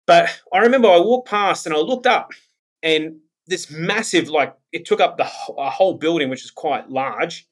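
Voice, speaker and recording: A man hosting a spiritual podcast, telling stories in a chatty, animated monologue. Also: fairly high pitch, moderate pace. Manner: chatty storyteller, animated retellings. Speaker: podcast host and medium.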